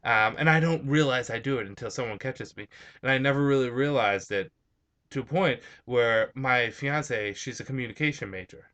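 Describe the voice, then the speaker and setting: A man's voice: medium pitch, normal speed, fairly bright tone. A young man with a slight Spanish-influenced accent on some words, hosting a vlog and answering viewer questions in a rambling, hesitant way with many fillers. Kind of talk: casual chat.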